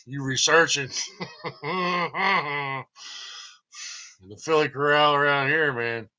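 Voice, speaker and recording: A man's voice: on the high side, steady tone, takes it slowly, sharp tone. Joking man rambling on a stream. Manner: joking, rambling, laughs often. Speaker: channel host. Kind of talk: casual rambling livestream monologue.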